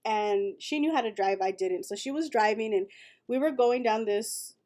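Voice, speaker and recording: A Texan livestream host from West Texas, chatty and fond of storytelling, reads her viewers' comments aloud late at night. Her pitch is on the high side, her tone darkish, and her pace moderate.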